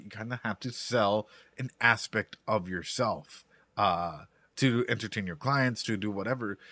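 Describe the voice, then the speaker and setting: A man's voice: lowish voice, fairly bright tone, no echo. Casual rambling male streamer. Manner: rambling, repeats words, talks to chat. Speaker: streamer reacting to anime. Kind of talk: casual live-stream commentary.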